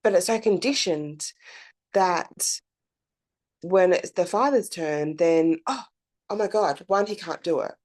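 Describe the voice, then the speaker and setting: Slow, chatty woman host. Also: lowish voice, a little mellow. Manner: chatty, candid, swears freely, lots of fillers. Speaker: podcast host. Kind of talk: casual reflective monologue.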